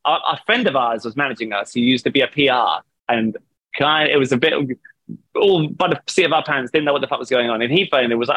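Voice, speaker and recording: A man's voice: mid-range voice, fast, a bit bright, dry recording. A man telling a long, rambling story in a casual interview over a video call, laughing often and swearing. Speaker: band vocalist, guest.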